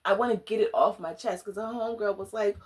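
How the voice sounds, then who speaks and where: A woman chatting casually in a book review vlog, animated and slangy, dramatic and often laughing. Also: mid-range voice, quick pace. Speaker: book vlogger.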